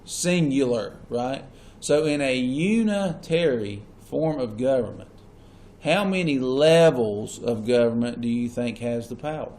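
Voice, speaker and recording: A man's voice: medium pitch, unhurried, darkish tone. Man lecturing a class. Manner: checks in with students often. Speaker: teacher. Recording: echoey classroom with faint hum.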